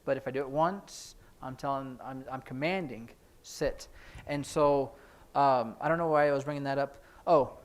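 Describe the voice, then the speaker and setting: A man teaching a sign language class in a church classroom, explaining each sign as he demonstrates it, with hurried asides about the time. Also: mid-range voice. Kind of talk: classroom instruction.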